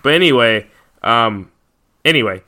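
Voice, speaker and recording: A man's voice: medium pitch, expressive, measured pace, pushed and bright. An American man co-hosting a podcast in casual chat, with lots of ums and fillers. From United States. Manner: chatty, lots of ums and likes. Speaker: podcast co-host.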